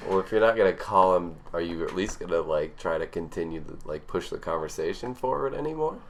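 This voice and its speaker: A young man with a very low voice co-hosts a casual podcast, ribbing his friend in a dry, teasing way. A faint hiss sits under the recording. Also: lively intonation, fairly quick, vocal fry. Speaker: podcast co-host.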